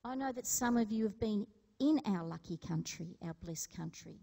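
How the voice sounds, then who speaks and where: A woman's voice: mid-range voice, lively intonation, moderate pace, gravelly, warm tone, slightly rough, big-room sound. A woman giving a conversational sermon, telling stories and asking the congregation questions. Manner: storytelling, asks the congregation questions. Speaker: preacher. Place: church hall.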